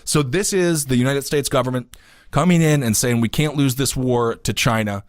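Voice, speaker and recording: On a casual political podcast taped at home in New York City, this co-host has a mid-range voice and a moderate pace. He reads the news with rambling jokes, getting heated and emphatic, and the studio-quality audio carries no echo.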